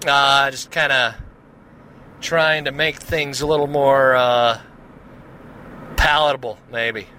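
A man's voice: medium pitch, steady tone, slow, long pauses, pushed and bright, a little hiss or hum, low-quality recording. A man from the Seattle area with an American accent, hosting his podcast in a casual, rambling monologue that wanders off on tangents. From Seattle area, USA. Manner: chatty, wanders off on tangents, many fillers. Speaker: podcast host.

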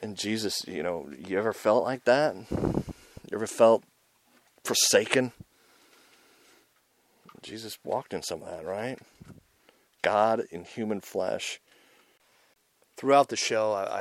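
A man hosting his own show preaches an intense, informal sermon in a lowish voice. He talks conversationally with many asides, getting loud on his points of emphasis, and there's no echo.

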